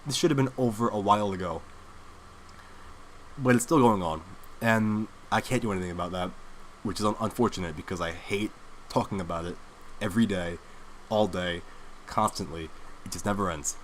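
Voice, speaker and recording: A man's voice: fairly low pitch, a little hiss or hum. A young man hosting his own commentary show, delivering a heated political monologue full of filler words. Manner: animated, heated, with many filler likes. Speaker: host.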